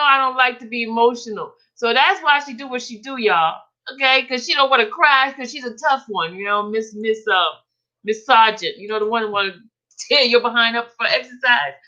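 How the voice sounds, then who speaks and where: Giggly high-voiced woman livestreaming. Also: pushed and bright, highs cut off. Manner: giggly, keeps laughing while talking to the chat; chatty and teasing. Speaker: livestream host. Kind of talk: casual livestream chat.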